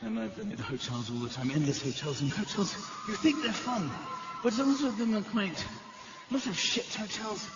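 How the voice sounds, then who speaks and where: Animated comedian in an echoey theater. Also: male voice, sits high, normal speed. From England. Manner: animated, self-mocking storytelling. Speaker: stand-up comedian. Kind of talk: stand-up comedy. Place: large theater stage. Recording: echoey live theater, dull, noisy.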